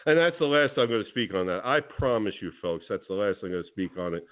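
Homem ranzinza apresentador, som de telefone. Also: male voice, fairly low pitch, animated, fast talker. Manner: loud, combative, ranting. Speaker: radio show host. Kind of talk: ranting talk radio. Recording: phone-line audio.

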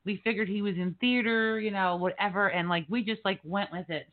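A woman hosting a podcast, telling a story in an animated, casual way with swearing and lots of fillers. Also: medium pitch, fairly quick. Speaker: podcast host. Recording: tinny phone-like line.

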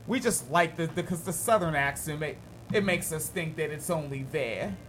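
A man's voice: on the high side, animated, moderate pace, a bit bright, faint music behind. A man co-hosting a talk podcast in casual, profane, joking banter. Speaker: podcast co-host. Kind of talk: casual chat.

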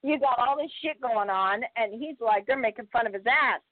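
Woman, actress guest, animated storyteller, acts out quotes, swears freely, high-pitched, phone-like sound. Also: a little fast, no echo. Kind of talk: casual podcast chat.

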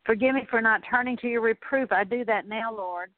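A woman's voice: fairly high pitch, no room sound. Earnest woman praying, tinny phone-like sound. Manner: slow, earnest, repetitive litany. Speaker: prayer minister. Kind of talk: spoken prayer of repentance.

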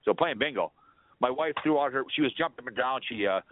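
A man's voice: medium pitch, lively intonation, fast talker, no echo. Rambling male caller on a phone line. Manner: rambling, jokey, puts on a Southern drawl. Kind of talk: casual call-in chat, joking.

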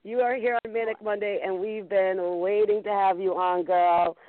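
A woman's voice: medium pitch, fairly even intonation, normal speed, noisy background. A woman hosting a call-in talk show, chatting casually and filling her talk with "you know"s and "um"s. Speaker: host. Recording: tinny phone line, dry.

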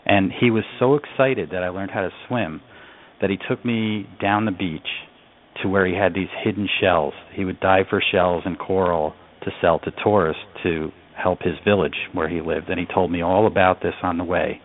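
A man's voice: sits low, steady tone, normal speed, a little hiss or hum. A man from upstate New York, a radio interview guest, telling a story in an earnest, reflective way. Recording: phone-line audio.

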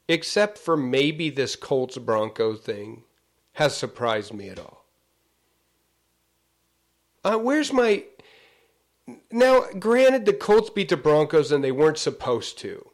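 A man co-hosting a casual sports chat show in a studio, rambling and laughing, often trailing off mid-sentence. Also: on the high side. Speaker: co-host. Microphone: studio mic.

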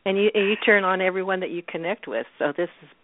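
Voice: mid-range voice, fast, no room sound. A co-host thanking and praising the guest in a gracious, casual way. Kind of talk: casual interview chat. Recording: phone-line sound.

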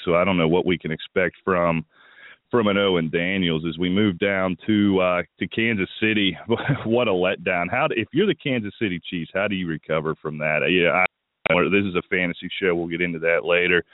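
A man's voice: sits low, dry recording. A man hosting a fantasy football radio show, giving opinionated player advice in a casual talk-radio style with a bit of morning voice. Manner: opinionated, thinks aloud with restarts. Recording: tinny phone-line sound, dry.

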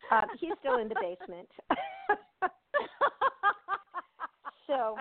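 A woman's voice: high-pitched, wildly swooping pitch, slow, no room sound. Older american lady chatting away on a tinny phone line, lots of laughs and uhs, dry sound. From United States. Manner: chatty, laughs often, many fillers and restarts. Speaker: actress, interview guest. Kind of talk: casual interview chat.

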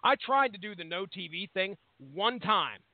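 Thirties male co-host, high voice, rambling and profane, tinny dry line. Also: expressive, moderate pace, no room sound. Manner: rambling, swears freely. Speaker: podcast co-host. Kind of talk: casual profane chat.

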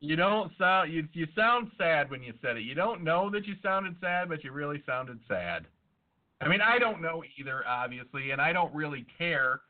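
A man's voice: on the high side, very animated, normal speed. A man co-hosting a podcast in casual, profane chat, arguing and joking. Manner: argumentative, jokey, swears a lot. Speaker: podcast co-host. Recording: tinny phone-like sound.

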